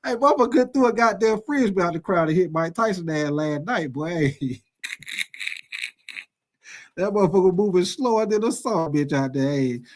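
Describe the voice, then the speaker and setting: A man in his forties hosting a sports video, telling stories in a profane, animated, casual rant. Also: high voice, normal speed. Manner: profane, animated storytelling with lots of swearing.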